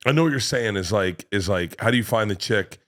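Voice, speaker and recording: A man in his fifties, a comedian guest in a casual podcast chat, telling loud, animated stories and acting out the scenes he describes. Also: on the low side, a little fast. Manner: animated storyteller, acts out scenes.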